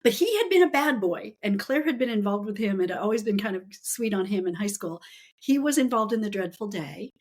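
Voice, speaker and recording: A woman's voice: medium pitch, lively intonation, fairly quick. A woman author as a podcast guest, telling stories with enthusiasm and frequent laughter in casual chat. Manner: enthusiastic storytelling, laughs often.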